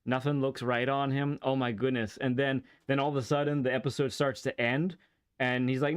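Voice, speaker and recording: A racing-game streamer chats casually and eagerly, often restarting, rambling and laughing. His medium-pitched voice is steady, clear and resonant, and he talks a little fast.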